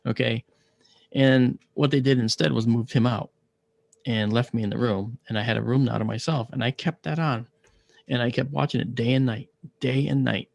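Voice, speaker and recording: A man, an astronomer, telling a personal story in an animated way and acting out the dialogue. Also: mid-range voice, gravelly. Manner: acts out dialogue in lively quoted voices. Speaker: astronomer recounting a personal experience.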